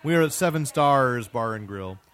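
A man's voice: mid-range voice, lively intonation, fairly bright tone. Wry man hosting a podcast. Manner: wry, quick comebacks. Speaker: podcast host. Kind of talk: casual podcast banter. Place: bar and grill.

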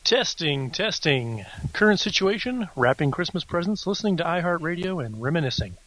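A man co-hosting a podcast, joking in a deadpan way as he reads out made-up updates. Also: a little high, moderate pace, rough recording. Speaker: podcast co-host. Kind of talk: casual chat.

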